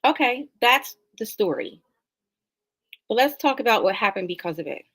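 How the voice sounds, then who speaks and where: Brief: middle-aged woman, slightly high voice, emphatic guest sharing a personal testimony. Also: moderate pace, rough recording. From New Jersey. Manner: animated, emphatic, acts out dialogue. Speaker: interview guest.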